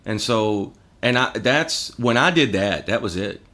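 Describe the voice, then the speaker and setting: A man's voice: lowish voice, unhurried. A man guest on a podcast, telling rambling, profane stories in casual chat. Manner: rambling, profane, animated storyteller.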